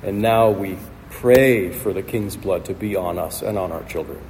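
A man's voice: low voice, moderate pace, a little mellow. Man, pastor, sermon, emphatic repetition, church hall, faint background hiss. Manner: emphatic preaching with rhetorical repetition. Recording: long hall reverb, faint noise.

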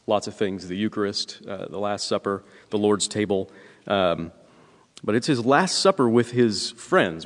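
A pastor preaching a conversational sermon, often asking "right?" and pausing with filler words. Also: male voice, lowish voice. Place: church sanctuary. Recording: long hall reverb.

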